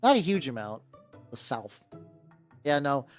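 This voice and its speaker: Man from the US, casual stream chat, animated rising and falling pitch, soft music in the background. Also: measured pace. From United States. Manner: rambling, lots of "like" and restarts; higher-register male voice. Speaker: miniature-painting streamer.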